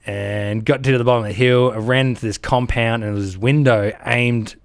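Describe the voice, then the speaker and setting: With a mid-range voice that is creaky yet smooth, a little fast, and recorded dry, an Australian army veteran in his thirties tells war stories in an interview. He animates them by performing sounds and quotes, laughing throughout.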